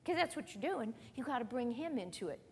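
A woman teaching a sermon in a conversational, emphatic way, slowing down on key phrases and drifting into chatty asides. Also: on the high side, very animated, a little hiss or hum. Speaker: Bible teacher. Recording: long hall reverb.

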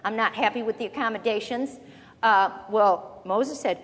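A woman preaching to a congregation, her voice sitting a little high. She teaches from scripture in an animated, chatty way, breaking off into asides. The sound rings with the long reverb of a large church hall. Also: normal speed. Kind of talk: sermon, Bible teaching.

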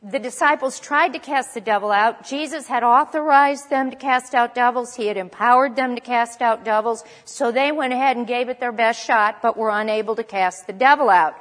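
A woman's voice: on the high side, normal speed, few pauses, a bit bright, big-room sound. A woman preaching a sermon in a conversational way, stopping to correct herself as she goes. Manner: conversational, with restarts and self-corrections.

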